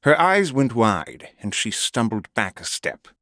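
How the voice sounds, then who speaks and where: A man's voice: medium pitch, big pitch swings, measured pace, a bit bright, no echo, studio quality. A man narrating a first-person audiobook with a menacing, gloating delivery.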